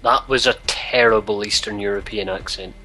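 A man's voice: on the low side, steady tone, moderate pace, sharp tone, low-quality recording. A man playing a co-op game with a friend, dry and teasing in his remarks. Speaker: co-op gameplay commentator. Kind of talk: casual co-op gameplay chat. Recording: game music behind. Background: game music.

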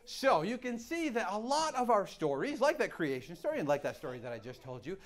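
A man's voice: sits high, very animated, fairly quick. A middle-aged man telling traditional folk tales to a live audience in a theatrical style, with gasps and sound effects. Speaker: storyteller.

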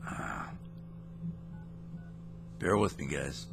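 The host of a scam-baiting channel plays a mock-naive caller in a prank phone call mixed with casual vlog talk, rambling in a playful way. His voice is a rumbling low, creaky, and extremely slow, with a noisy background behind him.

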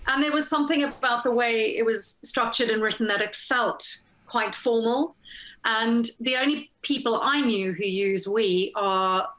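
Bright-voiced actress in a roomy echo. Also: female voice, on the high side, a little slow. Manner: animated, laughs often, acts out quoted lines. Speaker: actress, interview guest. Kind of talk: casual storytelling interview.

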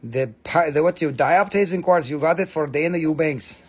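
Excitable, higher-pitched man selling crystals. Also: normal speed, slightly rough. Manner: excitable, swearing, playful, non-native phrasing. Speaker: live sale host. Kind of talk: live-stream crystal sale.

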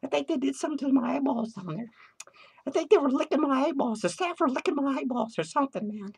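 Squeaky high unhinged clown, tipsy and hyper, swearing nonstop in a comedy vlog. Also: male voice, lively intonation, fast, creaky, exaggerated voice. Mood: manic ranting. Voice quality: high shrill voice with cackling laughs. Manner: crude swearing rants, giddy and drifting. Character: unhinged foul-mouthed clown, manic and rambling. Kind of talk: comedic character vlog rant. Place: home studio.

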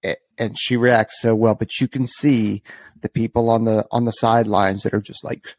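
A man's voice: lowish voice, little pitch movement, moderate pace, a little mellow, dry recording. A man co-hosting a podcast, telling an amused story in a rambling way, full of fillers. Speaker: podcast co-host. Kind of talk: casual podcast chat.

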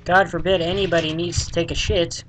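A let's play gamer talking through a game in casual commentary. The delivery is dry and sarcastic, with plenty of swearing. The voice sits at an ordinary middle pitch. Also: brisk, slight background noise, rough recording. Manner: sarcastic, deadpan, swears often.

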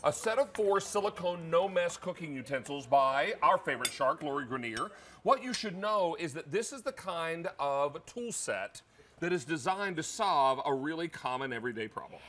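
A man hosting a live TV shopping show in a studio kitchen, making an upbeat, persuasive sales pitch about prices and stock. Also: lively intonation, moderate pace, background noise. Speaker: shopping channel host.

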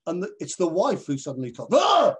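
A man, a television presenter, telling anecdotes in an animated way over a video call and acting out other people's voices. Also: on the high side, fast talker, breathy edge. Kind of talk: anecdotal storytelling in a conversation.

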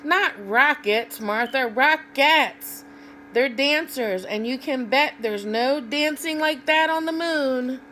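A woman playing a patient storybook farmer who coaxes and reasons with his cow in a slow, gentle way. He pleads rather than orders. A faint hum runs behind him. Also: sits high, pitched above the performer's own voice. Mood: cheerful. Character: patient, exasperated male farmer.

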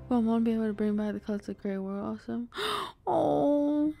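A woman hosting a reaction video in casual, excitable talk, gasping, repeating herself and slipping into slang. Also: fairly high pitch, moderate pace, vocal fry, hardly any pauses, faint music behind. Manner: slangy, says "bro" and "y'all".

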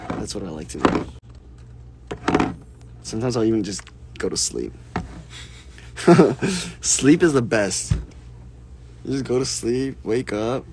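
A man casually answering fan questions on a live stream, soft-spoken and unhurried, reading questions aloud before he replies. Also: fairly low pitch, slight background noise.

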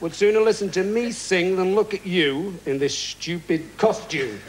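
A man's voice: high voice, normal speed, a little hiss or hum. A man performing in a stage comedy double act, singing a ballad and then bickering as the straight man. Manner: crooning, then gruff straight-man retorts. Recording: roomy stage with band.

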